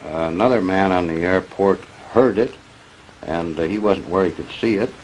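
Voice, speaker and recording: Old man telling his story in an old interview, deep voice, slow plain delivery, light noise. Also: darkish tone, rough recording. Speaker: interviewee recounting an encounter. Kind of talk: archival interview recording.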